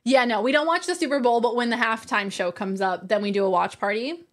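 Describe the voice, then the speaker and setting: A woman's voice: a little high, brisk. A woman livestreamer in casual chat, reading her viewers' messages aloud and laughing often.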